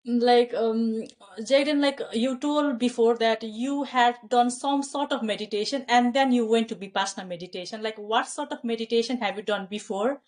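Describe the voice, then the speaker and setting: A woman's voice: a little high, normal speed, darkish tone. A woman interviewing a guest, asking questions in a chatty way with frequent "like" and "uh" fillers. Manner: chatty, heavy use of "like" and "uh".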